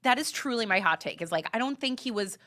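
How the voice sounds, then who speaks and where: A woman hosting a podcast in casual chat, animated and emphatic, with many fillers. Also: fairly high pitch, quick pace. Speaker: podcast host.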